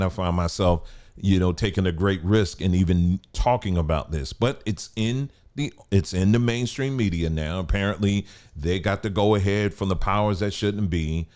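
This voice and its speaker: Deep-voiced man in halting commentary. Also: a little mellow. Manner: halting, cautious, with many fillers and restarts. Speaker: channel host. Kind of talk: casual commentary to camera.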